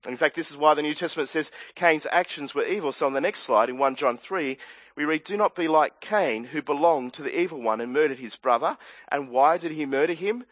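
Earnest Australian male preacher, a touch high, muffled dry sound. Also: expressive, a little fast, a bit bright, no room sound. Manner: earnest, explanatory, with asides and restarts. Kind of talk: sermon.

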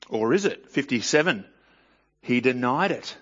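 A man's voice: mid-range voice, expressive, normal speed, fairly bright tone, husky, dull audio. A man reading scripture aloud and commenting on it in a conversational way, often asking the listener rhetorical questions. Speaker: Bible teacher.

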